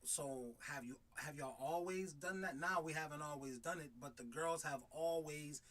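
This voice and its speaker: A man's voice: on the high side, normal speed, fairly bright tone. A man co-hosting a casual live chat, easygoing, asking short questions. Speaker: co-host.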